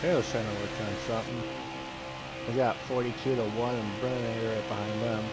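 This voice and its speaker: A man's voice: medium pitch, level tone, fairly quick, over loud music. A man in his twenties giving casual, chatty running commentary as he streams a racing game live. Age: 20s.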